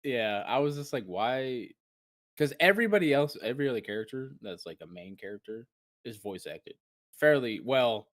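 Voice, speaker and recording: A man's voice: mid-range voice, lively intonation, normal speed, no echo, studio quality. A man co-hosting a podcast in casual chat, rambling with many restarts and acting out his own reactions. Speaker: podcast co-host.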